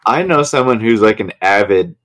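A young man with a slightly low voice chats on a podcast. He feels his way through sentences, stopping and restarting with fillers. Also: lively intonation, moderate pace, fairly bright tone. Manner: hesitant, lots of you know and um. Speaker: podcast co-host. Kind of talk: casual chat.

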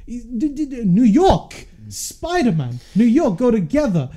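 A man with a high, dark and mellow voice rants in a casual podcast chat. He argues with passion and indignation and keeps the rant going at speed. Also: wildly swooping pitch, measured pace. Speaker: podcast co-host.

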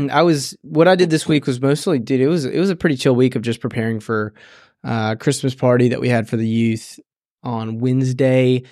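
A man's voice: medium pitch, normal speed, a little mellow, no room sound. Joking easygoing man, dry close sound. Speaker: podcast co-host and youth minister. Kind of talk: casual chat.

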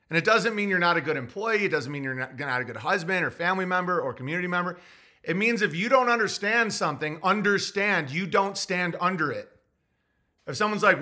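High-pitched bright man ranting. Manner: theatrical, booming when acting out his own replies. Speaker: livestream host reading super chats. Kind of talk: casual rambling monologue.

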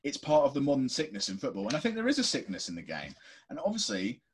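A man's voice: mid-range voice, huge pitch swings, fast talker, breathy edge. A man co-hosting a podcast in casual chat, talking in an impassioned, ranting way and swearing freely. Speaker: podcast co-host.

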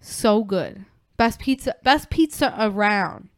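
A woman's voice: mid-range voice, takes it slowly, no echo, clean studio sound. A woman from the Chicago area, co-hosting a podcast in casual chat, telling stories emphatically. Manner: emphatic, animated storyteller. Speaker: podcast co-host.

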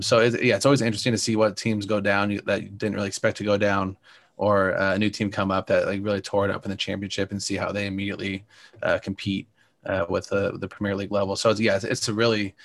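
A man's voice: fairly low pitch, level tone, quick pace. A young man co-hosting a sports podcast, talking casually with many fillers and restarts. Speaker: podcast co-host, soccer fan.

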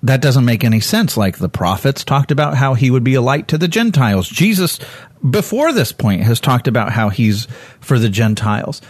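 Speaking at a normal speed, this preacher walks his audience through a Bible story in a casual, talky way. He's animated and frank, correcting himself as he goes, and his mid-range voice leaps in pitch whenever he voices someone in the tale. The recording is close and dry, without any echo.

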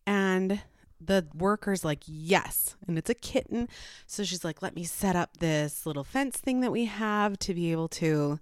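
A mother telling a personal story to camera in a casual, animated way, with rambling asides and frequent laughs. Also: fairly low pitch, a little slow, clean tone, no room sound, clean studio sound.

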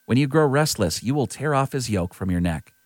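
A man's voice: mid-range voice, lively intonation, brisk, no echo, close to an everyday voice. A man voicing an aging father giving his son a blessing, in an earnest, lightly voiced scripture reading.

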